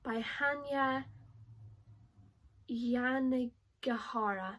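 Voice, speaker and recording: A young woman vlogging about books in a chatty, excitable way, laughing often. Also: a little high, slow pace, pauses often. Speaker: book vlogger. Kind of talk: casual chat to camera.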